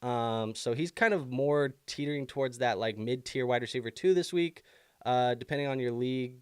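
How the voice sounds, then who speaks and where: A darkish, clean mid-range voice at a moderate pace belongs to a young man hosting a live fantasy football stream. He responds to viewer questions casually, filling his thinking-aloud with lots of fillers, all while hiccuping, in a dry recording with clean studio sound.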